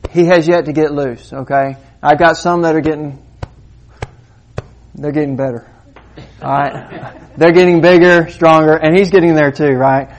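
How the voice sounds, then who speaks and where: A man preaching a sermon, moving between quiet asides and loud, emphatic points. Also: a little high, steady tone, normal speed, pauses often, muffled recording. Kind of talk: sermon with demonstration.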